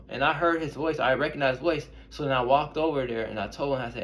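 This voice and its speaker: A man's voice: medium pitch, a little fast, a little hiss or hum. Rambling young man telling stories. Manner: rambling, conversational, addresses viewers as y'all. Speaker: intuitive reader and medium. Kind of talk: casual storytelling to camera.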